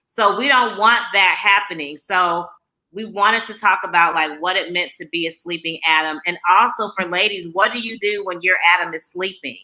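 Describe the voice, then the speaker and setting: A woman's voice: lowish voice, steady tone, normal speed, pushed and bright, rough recording. A woman co-hosting a casual chat, explaining ideas in a reflective way and often laughing. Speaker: co-author and co-host. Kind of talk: casual chat about faith and dating.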